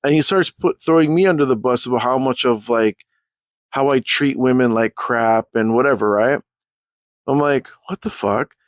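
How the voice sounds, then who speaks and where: A young man hosting a casual storytelling vlog, talking in an animated, profane, rambling way. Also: medium pitch, moderate pace, dry recording, clean studio sound. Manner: animated, profane, rambling, jumps into quoted voices. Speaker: channel host.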